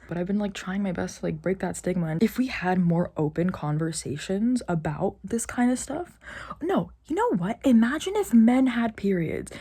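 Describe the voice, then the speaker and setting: A woman's voice: mid-range voice, dark tone. A young woman vlogging about her own life, frank and tired, swearing often and at times dropping to a whisper. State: tired and in pain. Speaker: art vlogger. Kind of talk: personal vlog rant.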